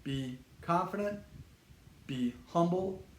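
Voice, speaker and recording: A man's voice: sits high, expressive, slow. An older man hosting his fitness channel, talking casually and bluntly to the camera, acting out the voices of people he quotes. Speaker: fitness channel host, retired instructor. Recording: echoey room with faint noise.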